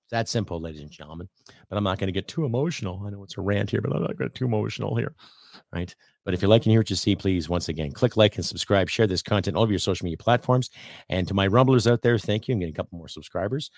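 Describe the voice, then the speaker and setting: Low-voiced middle-aged canadian guy, dry close mic, ranting and cussing, loud then mumbly. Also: animated, rapid-fire, creaky, no echo. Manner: blunt, profane, swings from loud outbursts to low muttering. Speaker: podcast host. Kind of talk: opinionated rant.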